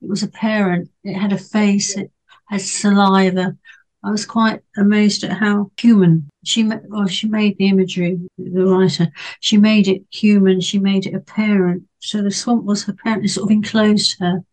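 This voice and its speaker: A woman's voice: mid-range voice, flat delivery, normal speed, a little mellow, low-quality recording. A woman speaking as a panelist in a casual book club discussion, chatty and hesitant, with many fillers and restarts.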